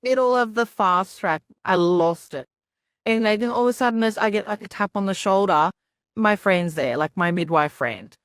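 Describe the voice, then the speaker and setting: A woman's voice: medium pitch, normal speed, no echo, clean studio sound. A young woman on a podcast, telling her story in a rambling, casual way full of "like" and quoted asides.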